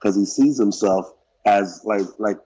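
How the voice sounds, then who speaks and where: A man joins a casual faith chat and explains his point earnestly. His voice is low and mellow. He carries his argument steadily. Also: measured pace, rough recording.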